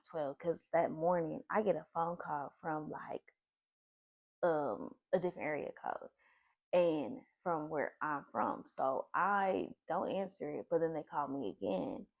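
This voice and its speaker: A woman telling a personal story in a casual vlog, blunt and profane, with animated retelling. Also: sits low, gravelly.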